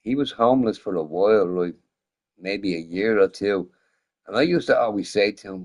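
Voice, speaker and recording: During a casual live stream, a man who's had a bit to drink plays a game and rambles on, cursing plenty and laughing often. His voice sits on the low side, a little mellow, at normal speed.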